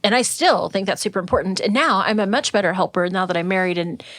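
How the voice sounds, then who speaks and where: A woman's voice: medium pitch, fast, fairly bright tone, no echo. A middle-aged woman co-hosting a casual home-advice show, chatty, with lots of "like" fillers and easy laughter. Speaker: podcast co-host, real estate agent.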